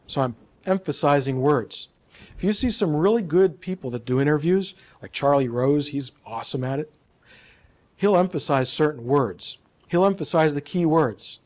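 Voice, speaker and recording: A man's voice: fairly high pitch, normal speed. A man giving a live talk on public speaking in a presentation room, demonstrating points and asking the audience questions. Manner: lively, demonstrative, quizzes the audience.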